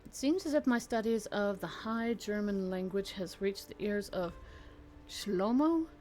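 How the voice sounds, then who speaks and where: A woman's voice: medium pitch, lively intonation, unhurried, mellow. A woman streamer playing a strategy game live, chatting playfully and reading the event text aloud. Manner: chatty and playful, bursts of laughter, reads in-game text in an exaggerated tone.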